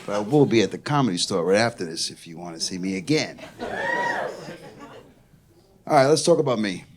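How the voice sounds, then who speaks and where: Over a noisy crowd and heavy background noise, a young Queens, New York man performs brash stand-up at a comedy club, swearing through exasperated storytelling as the live audience laughs. He speaks briskly and animatedly in a lowish voice.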